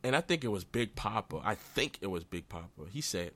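A man's voice: on the low side, lively intonation, a little fast, hardly any pauses, fairly bright tone, no room sound. Slangy young man ranting on a podcast. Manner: loose and repetitive, restarts often, slangy and blunt. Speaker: podcast host. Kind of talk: casual solo podcast rant.

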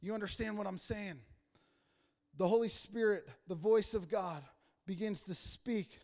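A man preaching a passionate sermon as pastor, rising to loud emphasis and dropping to quiet asides. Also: sits high, a little slow. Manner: impassioned preaching, rising and falling in volume. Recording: reverberant hall.

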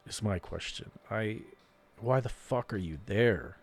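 A man's voice: fairly low pitch, measured pace, soft background music. A man hosting a solo podcast, rambling and swearing freely as he rants in frustration and asks himself questions. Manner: rambling, profane, frustrated ranting with self-questions; quotes imagined people in a raised voice. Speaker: podcast host. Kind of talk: casual solo podcast monologue.

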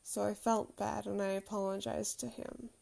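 A woman's voice: mid-range voice, little pitch movement, moderate pace, gravelly, warm tone. A woman in her thirties telling a candid, reflective personal story with self-deprecating humour.

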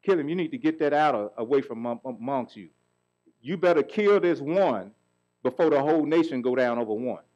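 A man's voice: medium pitch, animated, brisk, darkish tone, dull audio. A middle-aged man preaching a sermon as pastor, calling out questions for the congregation to answer. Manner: call-and-response preaching, asks the congregation questions.

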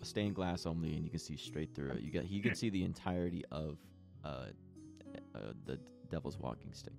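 Deep-voiced man narrating a tabletop game. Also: fairly quick, creaky. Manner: reads descriptions with small stumbles and restarts. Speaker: game master. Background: plucked guitar music.

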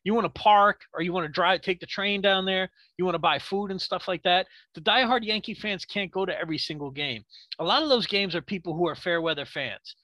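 A man co-hosting a sports podcast, ranting in a heated, profane way with rapid rhetorical questions. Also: sits high, bright, forceful tone, dry recording. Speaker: podcast co-host.

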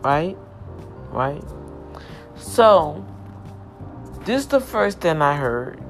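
A woman's voice: sits low, big pitch swings, very slow, faint music behind. A woman sharing an emotional personal testimony, with impassioned, emphatic, repetitive storytelling.

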